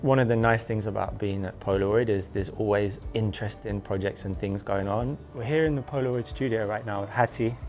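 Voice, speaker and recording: A man casually narrating a day-in-the-life vlog in a relaxed, chatty way, often saying "like". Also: on the low side, fairly quick, few pauses. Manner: laid-back, chatty, says "like" often. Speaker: designer vlogging his day. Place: around his home city, home, café and office.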